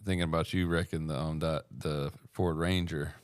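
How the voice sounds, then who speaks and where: Real deep dude, chill, laughs a lot, dry close sound. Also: male voice, steady tone, moderate pace, dry recording. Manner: laid-back, chuckling listener with short replies. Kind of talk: casual chat.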